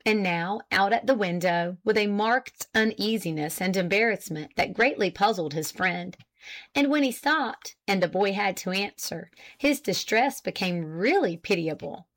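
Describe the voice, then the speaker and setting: A woman narrates an old novel for an audiobook. Her reading is steady and measured. Her pitch sits in the middle range for a woman.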